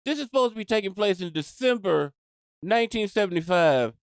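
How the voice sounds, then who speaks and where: Animated, high-voiced man ranting. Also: brisk, smooth, no echo, clean studio sound. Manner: animated, emphatic storyteller who repeats himself for punch. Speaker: podcast guest. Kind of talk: casual chat.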